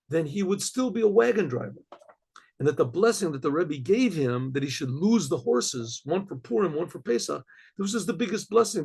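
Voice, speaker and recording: Male rabbi storyteller, husky voice, chatty with restarts. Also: high-pitched, a little mellow. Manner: conversational, with many restarts.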